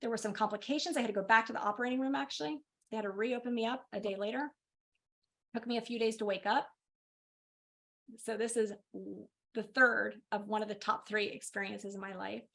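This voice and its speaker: Animated middle-aged woman telling her story. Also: on the high side, fairly quick, gravelly. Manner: animated storytelling, lively laughs. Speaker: guest speaker, physician. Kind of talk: personal story in a webinar.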